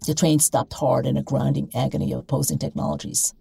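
A woman reading a short story aloud in a measured, wry way. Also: extremely low pitch, steady tone, creaky, mellow, husky, no echo, rough recording. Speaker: reader.

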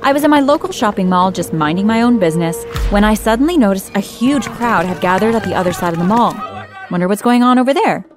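A young woman narrating her own story in the first person, acting out her own lines with feeling. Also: medium pitch. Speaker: narrator and lead character. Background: background music.

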